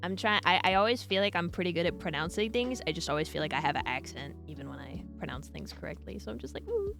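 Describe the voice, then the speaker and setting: A woman's voice: on the low side, sing-song, fast talker, gravelly, music in the background. Giggly Midwestern streamer woman. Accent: Midwestern American. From USA. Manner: chatty, giggly, swears casually. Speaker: streamer host. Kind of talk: casual stream chat.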